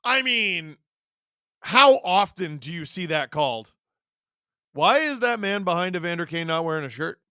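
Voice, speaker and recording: A man calls a game live as he watches, his high, sharp voice jumping into shouts when a big chance comes. He talks in an excitable, running stream of play-by-play. The sound is dry and close, with no room echo. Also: moderate pace, clear, resonant tone.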